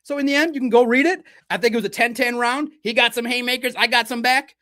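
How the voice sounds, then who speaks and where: A man's voice: very high-pitched, fast, bright, forceful tone. A man from Detroit hosting a livestream sports podcast, talking in a blunt, combative and profane way. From Detroit, United States.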